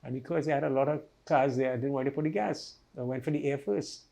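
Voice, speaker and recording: An older man tells his life story in a conversational interview, quietly and vividly retelling events and tacking questions onto his sentences. His voice is medium-pitched, fast and creaky.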